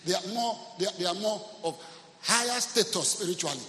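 A man's voice: on the high side, animated, a little fast, sharp tone. A man preaching a sermon as pastor, emphatic and often asking the congregation if they are listening. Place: church service. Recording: echoey hall, faint ambience.

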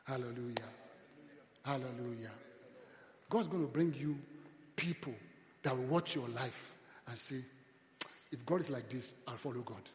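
A man with a Nigerian accent preaching a sermon as a pastor, with call-and-response and loud rising swells. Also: medium pitch, normal speed, echoey room, in a large hall, a little hiss or hum.

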